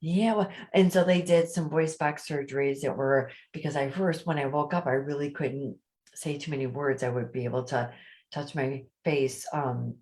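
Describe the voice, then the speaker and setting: A woman with a raspy voice, a guest telling her personal story openly and chattily in an interview. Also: a bass voice, fairly even intonation, moderate pace, a little mellow, rough recording. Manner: open, chatty storyteller who acts out quoted voices.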